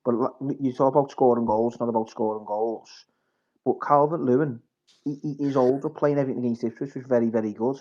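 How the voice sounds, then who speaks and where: A man's voice: medium pitch, steady tone, mellow. Stammering man on a muffled line. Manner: stammering, quick to interrupt. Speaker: podcast co-host. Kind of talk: heated football fan chat.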